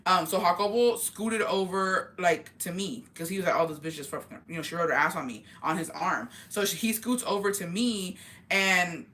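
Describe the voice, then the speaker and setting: Bright-voiced woman spilling heated gossip. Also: on the low side, animated. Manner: profane, heated, rapid retelling. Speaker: vlogger telling a story. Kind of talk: casual gossip storytelling.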